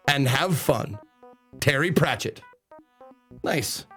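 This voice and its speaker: A man streaming a game live, chatting excitably, swearing casually and reading the game's text aloud. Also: on the high side, unhurried, faint music behind. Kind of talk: live let's play commentary.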